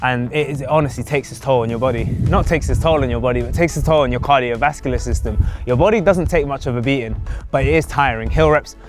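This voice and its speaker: A man's voice: mid-range voice, fast talker, music in the background. A man presenting a running vlog outdoors on a windy hillside, out of breath between hill sprints and talking with energy.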